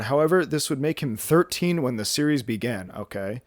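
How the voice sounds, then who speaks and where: A man's voice: medium pitch, expressive, normal speed, few pauses, no echo, studio quality. A young man in his twenties vlogging at home, rambling and joking at himself with lots of fillers and restarts. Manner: rambling, self-mocking, many fillers and restarts. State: slightly out of breath. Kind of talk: casual rambling vlog.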